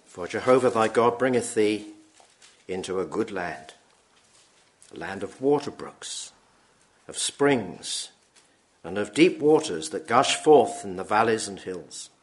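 A man's voice: fairly low pitch, animated. Solemn man reading scripture. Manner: slow, solemn reading with throat-clearing. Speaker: preacher.

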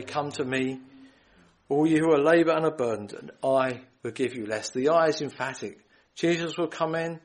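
A man preaching a gospel sermon, earnest and pleading, quoting scripture and often repeating phrases and clearing his throat. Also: a little high, low-quality recording.

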